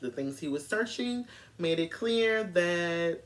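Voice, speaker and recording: Woman, casual chatty recap, animated, slightly low voice. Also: slow. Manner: chatty, animated, talks straight to viewers. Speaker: true crime reviewer.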